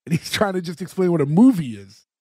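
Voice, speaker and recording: A man's voice: sits high, lively intonation, quick pace, darkish tone, husky, no echo. A man co-hosting a podcast, casually recapping a TV episode in a rambling way full of fillers. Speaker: podcast co-host.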